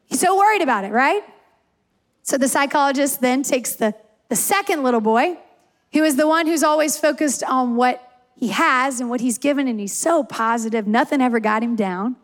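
A woman pastor with a high voice preaches and tells stories from her family. She speaks with emphasis and often repeats a line to drive it home. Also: moderate pace. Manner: emphatic, repeats key lines for stress. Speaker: campus pastor. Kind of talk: sermon with personal stories.

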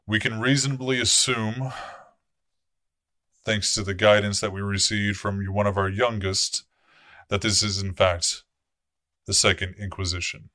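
A male vampire prince, played by a man at the table, who lays down orders in a measured, authoritative tone and swears without softening. The voice is bright and forceful, set against a dry, close sound. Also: on the low side, steady tone, dry recording. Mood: grave. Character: commanding vampire prince, male, cold and formal.

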